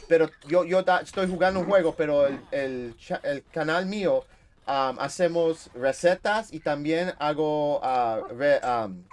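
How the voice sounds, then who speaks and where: Man, gaming stream host, chatty and rambling, slightly high voice, faint background noise. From Massachusetts, USA. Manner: switches freely into Spanish. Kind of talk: casual chat with live chat viewers.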